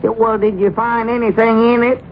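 An actor playing an excitable, teasing country storekeeper with a drawl, in 1940s radio comedy. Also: male voice, normal speed, slight background noise. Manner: excitable, teasing, jumps up in pitch. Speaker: general store keeper. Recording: muffled old radio broadcast recording.

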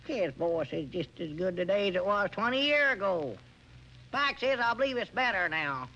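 A folksy high-voiced storekeeper. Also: male voice, sing-song, moderate pace, bright, forceful tone, exaggerated voice. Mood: teasing. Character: chatty rural storekeeper Abner, sly joker. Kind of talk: 1930s radio comedy acting. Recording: muffled old radio recording with faint hiss.

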